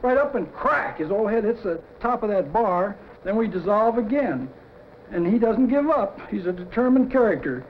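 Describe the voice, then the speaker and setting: A middle-aged man, a cartoon story man, pitching a storyboard animatedly and acting out sound effects as he goes. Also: very animated, normal speed, slight background noise. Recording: dull lo-fi 1950s TV audio.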